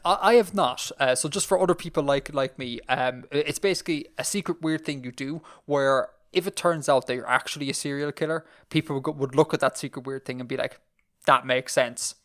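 A man's voice: fairly high pitch, a little fast, few pauses. A man with an Irish accent hosting a podcast, rambling through casual chat with lots of fillers and restarts. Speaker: podcast host.

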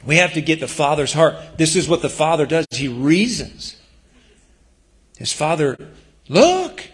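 A man's voice: on the high side, moderate pace, fairly bright tone. A male pastor preaching in a church, talking in an earnest, conversational way with emphatic bursts. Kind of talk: sermon.

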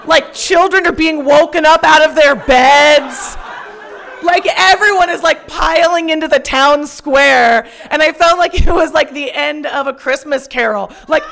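A young woman telling a personal story on stage, profane and self-mocking, shouting out her punchlines. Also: high-pitched, fairly even intonation, measured pace, vocal fry, a faint crowd.

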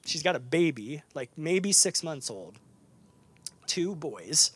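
A man preaching a sermon to a live congregation, chatty and animated, with lots of fillers and restarts. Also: a little high, slow pace, breathy edge, no echo. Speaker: pastor. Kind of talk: conversational sermon.

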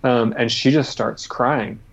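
Gravelly man telling a story haltingly. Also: medium pitch, steady tone. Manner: halting, many fillers and restarts. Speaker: guest artist. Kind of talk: storytelling in an interview. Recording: slightly dull lo-fi audio.

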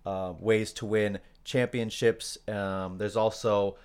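A man co-hosting a podcast, talking casually with many pauses and fillers as he works through his notes. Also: fairly low pitch, fairly even intonation, a little mellow, clean tone. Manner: hesitant, many fillers, loses his place. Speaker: podcast co-host.

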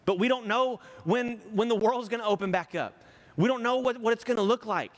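A man's voice: extremely high pitch, fairly quick, big-room sound. A man from the United States preaching a conversational, joking sermon as pastor.

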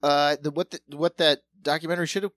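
A man's voice: a little high, steady tone, fast talker, fairly bright tone, no echo. A man co-hosting a podcast in casual chat, bantering and riffing jokes. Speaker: podcast co-host.

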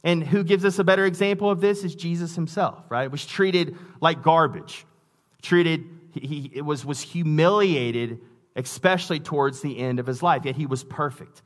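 A man's voice: a little high, normal speed. A man preaching a sermon in a conversational way, with asides and restarts, reading scripture aloud with emphasis. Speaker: pastor.

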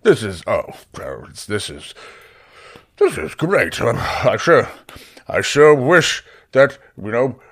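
A man voicing a flustered, excitable young man who rambles and stammers. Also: slow pace, slightly rough, exaggerated voice. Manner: stammering, high-pitched outbursts.

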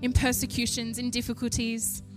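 A young woman preaching a sermon in an animated way, lifting her voice to stress each point. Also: on the high side, normal speed, over music. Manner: animated, rising with emphasis, laughs between points.

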